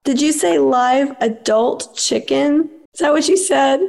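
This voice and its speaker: Slow-talking, incredulous female co-host. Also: high voice, vocal fry, a little mellow. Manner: exclaims in disbelief. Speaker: podcast co-host. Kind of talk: casual comedic chat.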